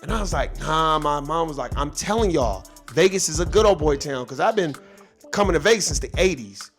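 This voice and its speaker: Male vlogger, slightly higher voice, casual profane storytelling over soft background music. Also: animated, a little fast. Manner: loose, profane, rambling with asides.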